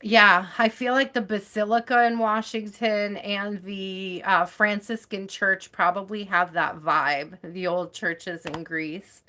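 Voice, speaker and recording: A woman's voice: mid-range voice, steady tone, slow pace, few pauses, sharp tone. A woman hosting a tarot live stream, chatting casually and effusively, laughing often and using lots of fillers.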